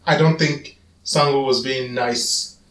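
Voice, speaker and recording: A man co-hosting a podcast, giving quick, animated, rambling opinions in casual chat. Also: medium pitch. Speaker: podcast co-host. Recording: roomy sound, mic at a distance.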